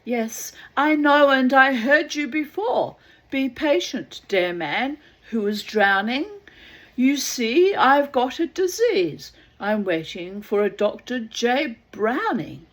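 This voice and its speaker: A woman's voice: sits high, animated, slow pace, pitched above the performer's own voice, exaggerated voice. A woman doing a prim, fussy sick man. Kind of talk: comic poem read aloud.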